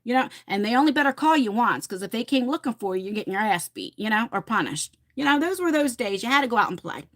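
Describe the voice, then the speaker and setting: Woman, middle-aged, from New Jersey, livestream host, casual rambling chat, reading viewer comments, fairly high pitch. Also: a bit bright. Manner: rambling, chatty, many fillers and restarts.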